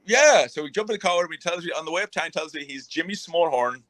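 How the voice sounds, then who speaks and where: Bright-voiced man rambling. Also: on the high side, fast, dry recording. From Ireland. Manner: rambling, many restarts and fillers. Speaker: guest, retired boxer. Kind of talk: casual interview conversation.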